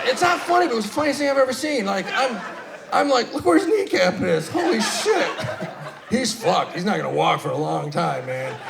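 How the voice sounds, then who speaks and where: Gravelly, swearing stand-up comedian. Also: male voice, high-pitched, noisy background. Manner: swearing, animated storytelling with loud bursts. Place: live comedy stage.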